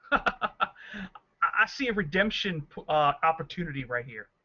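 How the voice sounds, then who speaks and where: A man playing a tabletop game, excitable and laughing at his own bad luck. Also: fairly high pitch, measured pace, muffled recording. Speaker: player.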